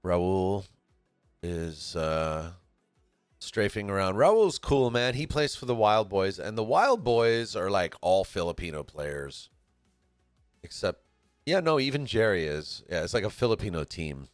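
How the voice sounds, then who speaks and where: A man's voice: low voice, very animated, a little slow, dry recording, faint music behind. A man from California giving laid-back, chatty commentary on a pool match, often laughing as he talks. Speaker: stream commentator.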